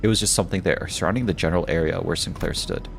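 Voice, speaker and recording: A man streaming a game, reading its story text aloud in a hushed, low-key voice with musing asides. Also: rapid-fire, gravelly, a little hiss or hum.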